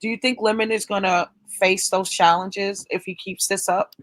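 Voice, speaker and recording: A woman chatting casually as co-host, expressive and earnest when raising a topic. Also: mid-range voice, normal speed, no room sound. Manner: expressive, exclaiming, shifts to earnest questions. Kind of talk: casual gossip chat.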